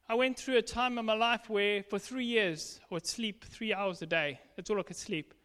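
A man with a strikingly high-pitched voice preaches a sermon in a church. He tells his story emphatically, slipping into lively acted dialogue. A long reverb from the hall trails each phrase. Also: moderate pace, hardly any pauses. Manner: emphatic testimony, acting out quoted dialogue.

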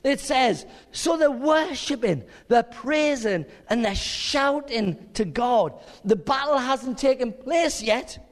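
A man preaching a sermon in an animated way, acting out scenes with little voices. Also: very high voice, slow, few pauses. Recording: long hall reverb.

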